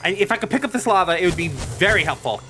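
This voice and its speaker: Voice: mid-range voice, big pitch swings, fast talker, sharp tone, soft background music. A Minecraft creator talking through their own gameplay, exasperated, telling the game's mobs off and muttering mild curses at them. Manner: exasperated, talks to the game mobs, swears mildly. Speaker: Minecraft let's-play creator. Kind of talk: live gameplay commentary.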